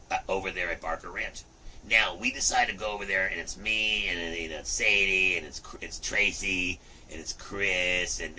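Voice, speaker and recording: A man in his fifties hosting a livestream, chatting casually in an animated, rambling way, often saying "look" and "you know". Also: low-pitched, distant mic, slight background noise, rough recording. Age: 50s. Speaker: livestream host.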